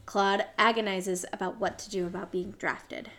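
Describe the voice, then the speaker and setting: A woman's voice: medium pitch, little pitch movement, normal speed, fairly bright tone. A woman co-hosting a podcast, reading out a show synopsis from a script with small slips and self-corrections. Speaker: podcast co-host.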